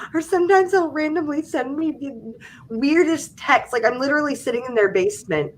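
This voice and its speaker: A woman's voice: a little high, normal speed. Laughing woman telling family stories. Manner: animated storytelling, laughing often. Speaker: livestream host. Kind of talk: casual chat.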